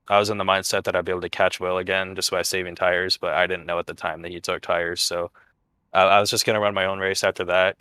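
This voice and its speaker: A man, a sim racing driver, giving a halting post-race interview full of fillers. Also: pushed and bright, no room sound. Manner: low-key, halting with frequent fillers.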